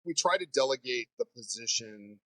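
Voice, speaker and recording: Animated storytelling fire instructor, a man. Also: mid-range voice, normal speed, no room sound, rough recording. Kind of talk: casual interview.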